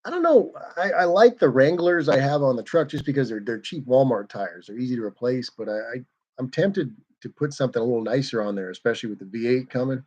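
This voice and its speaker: A man's voice: medium pitch, animated, quick pace, darkish tone, dull audio. A man hosting a car livestream in casual, rambling, self-deprecating chat.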